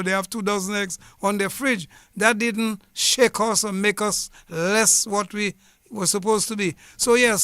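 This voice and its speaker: A former police officer from Dominica, with a high, clear, resonant voice that's bright and forceful, tells his story as a guest in a studio radio interview. He speaks earnestly and formally, wandering from detail to detail. The sound is dry and close, on a studio mic with a headset, with no echo.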